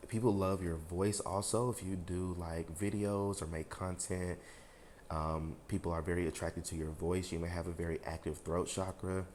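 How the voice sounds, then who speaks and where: A man's voice: sits low, fairly even intonation, normal speed, a little mellow, slight background noise. A man giving a casual tarot reading to his viewers, rambling with lots of fillers and talking frankly, with a bit of swearing. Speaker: tarot reader.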